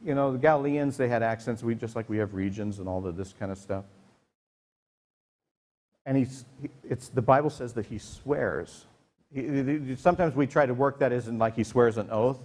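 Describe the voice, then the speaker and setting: A man's voice: mid-range voice, normal speed, darkish tone. A man preaching a casual sermon as pastor, talking conversationally with many fillers and restarts, sometimes acting out the voices in the story.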